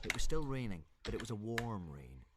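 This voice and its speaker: A man streamer reading a children's book aloud with expressive storytelling. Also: lowish voice, a little fast, very noisy. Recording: loud keyboard typing behind.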